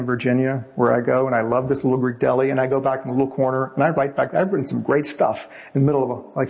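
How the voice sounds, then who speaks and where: A man, a novelist being interviewed, telling anecdotes in a lively way and acting out the voices of the people in them. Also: medium pitch, creaky, muffled recording. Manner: lively storyteller acting out quotes. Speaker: novelist guest.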